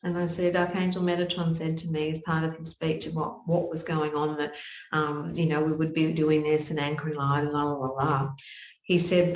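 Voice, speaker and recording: A woman telling a personal spiritual story in an animated way, laughing often and acting out voices with sudden high pitch. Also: a little fast, echoey room, poor audio. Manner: laughs often, loose fillers.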